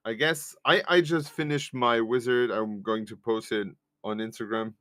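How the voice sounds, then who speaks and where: A man's voice: medium pitch, steady tone, normal speed, a bit bright, slight background noise. A man from Germany chatting as a guest, giving brief replies. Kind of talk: casual chat.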